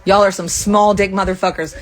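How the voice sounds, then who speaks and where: A woman venting angrily to the camera, firing off profane, rapid accusations from a rented room. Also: mid-range voice, little pitch movement. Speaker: vlogger. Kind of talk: angry venting monologue to camera.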